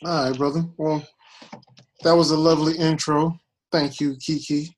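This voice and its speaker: A man with a fairly high voice hosts the podcast in a playful, joking way. He rambles with fillers and restarts as he hands the floor to his guest. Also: level tone, normal speed, a little hiss or hum, low-quality recording. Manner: jokey, playful, loose, fills with "uh". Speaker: podcast host. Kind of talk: casual podcast hosting.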